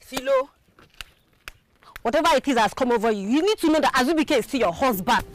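A woman's voice: high-pitched, lively intonation, brisk, slight background noise. An actress with a Nigerian accent playing a friend who scolds and reasons with another woman. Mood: scolding. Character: level-headed woman scolding her friend. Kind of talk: Nollywood film acting.

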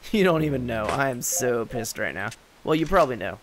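A man's voice: medium pitch, animated, measured pace, pauses often, heavy background noise. Swearing, yelping man playing a game. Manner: swears and yelps in frustration. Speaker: gameplay commentator. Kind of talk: let's play commentary.

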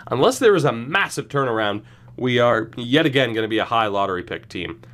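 A man's voice: medium pitch, lively intonation, fairly quick, fairly bright tone. Young man, casual game commentary, wry, rambling, chuckles mid-word. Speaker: gaming YouTuber. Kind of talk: casual franchise-mode commentary.

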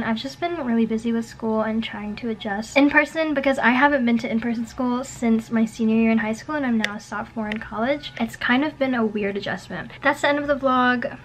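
A woman's voice: fairly high pitch, a bit bright, a little hiss or hum, rough recording. A woman in her twenties chatting casually to the camera in a vlog, giggly and self-deprecating. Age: 20s. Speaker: vlogger.

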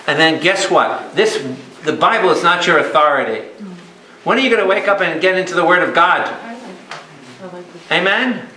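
A man's voice: high-pitched, animated, normal speed, pauses often, bright, forceful tone. A man, a priest leading a Bible study for a live group, who speaks emphatically and keeps firing questions at his listeners. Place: a meeting room or church hall with a live audience. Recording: echoey room.

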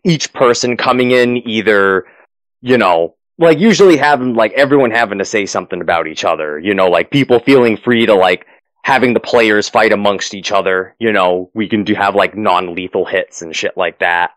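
A man's voice: on the low side, moderate pace, fairly bright tone, dry recording, low-quality recording. A man running a tabletop game as game master, narrating the finale and then chatting loosely with many fillers and restarts.

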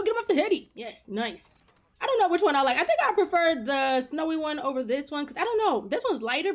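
A woman hosting her own gaming channel, giving chatty, excitable commentary over her gameplay and talking straight to her viewers. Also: high voice.

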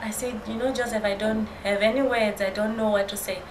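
A woman's voice: medium pitch, fairly even intonation, fairly quick. Earnest woman telling her story, roomy. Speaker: guest. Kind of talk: casual chat. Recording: roomy with background noise.

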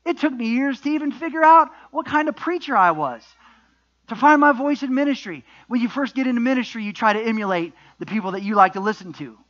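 High, bright-voiced preacher, middle-aged man. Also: expressive, fairly quick, lo-fi sound. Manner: emphatic preaching, repeated refrains and rhetorical questions. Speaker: pastor. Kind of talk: sermon.

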